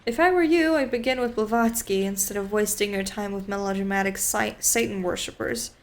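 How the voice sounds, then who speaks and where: A woman's voice: medium pitch, a little fast, close to an everyday voice. A woman voicing a fussy, talkative old male bookseller while reading a visual novel aloud, her manner chatty and a little salesy. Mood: eager.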